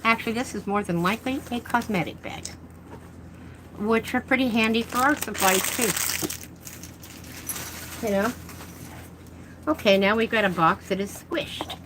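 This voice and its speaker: A woman's voice: on the high side, moderate pace, pauses often, background noise. A woman vlogging as she unboxes art supplies, chatting and rambling with self-deprecating asides. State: talking with mouth full. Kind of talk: casual unboxing chat.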